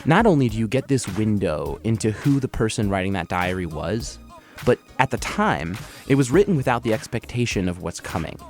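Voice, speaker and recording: Man, host, scripted narration, lowish voice, animated, dry, soft music. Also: a little fast. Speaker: show host.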